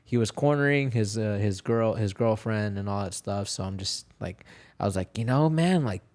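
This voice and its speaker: A young man telling fight stories as a podcast guest, casual, profane and animated, acting out the quotes. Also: on the low side, normal speed. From Texas, USA. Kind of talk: casual storytelling interview.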